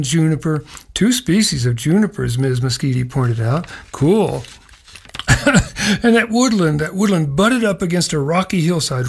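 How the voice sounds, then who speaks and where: A man's voice: a little high, creaky. Middle-aged male host, folksy and meandering, chuckles through his own stories. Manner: rambling, folksy, chuckling asides. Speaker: radio show host. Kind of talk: casual spoken nature segment.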